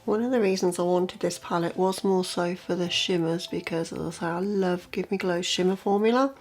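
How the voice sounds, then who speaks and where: A woman's voice: fairly low pitch, normal speed, faint music behind. Chatty woman makeup vlogger. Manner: chatty and conversational, repeats "as I say"; quiet, half-murmured commentary while applying makeup. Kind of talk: casual makeup tutorial chat.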